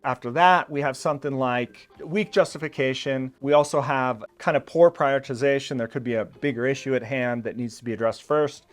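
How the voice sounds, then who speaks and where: A man's voice: medium pitch, brisk, few pauses. A man talks to his viewers in an easygoing, conversational way, with a mid-range voice and the odd "uh" and "you know". He explains step by step, like a channel host giving practical tips, and he pumps up the energy when he acts out what a patient might say. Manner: conversational and reassuring, with loose fillers; acts out quoted patients with sudden emphasis. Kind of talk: casual explainer to camera.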